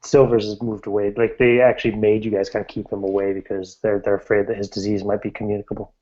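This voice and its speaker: A man's voice: fairly low pitch, flat delivery, quick pace, warm tone. A man narrating as game master, describing scenes in a matter-of-fact way. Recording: dull lo-fi recording.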